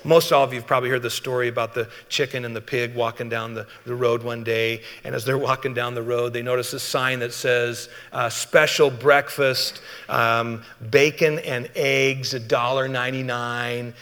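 A man's voice: medium pitch, little pitch movement, fairly quick, hardly any pauses, fairly bright tone. A male pastor delivers a sermon in a conversational way, putting questions to his listeners. His voice sits in the middle range for a man. A long reverb from the hall trails each phrase. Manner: conversational, asks the congregation questions.

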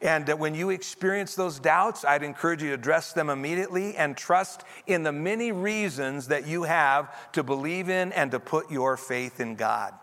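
A man's voice: a little high, normal speed, few pauses, fairly bright tone. A man preaching a sermon, earnestly guiding his congregation through scripture. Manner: earnest, leads congregation in repeated reading. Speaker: pastor. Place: church sanctuary. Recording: long reverb of a large hall.

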